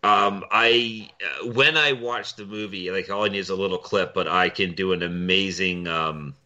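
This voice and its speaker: A man's voice: deep voice, steady tone, moderate pace, sharp tone, highs cut off. A man co-hosting a podcast in casual chat, rambling with fillers and laughing often. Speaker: podcast co-host.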